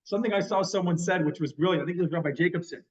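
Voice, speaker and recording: A man's voice: high-pitched, very fast. A man giving a conversational, storytelling sermon as a rabbi. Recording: dull lo-fi sound.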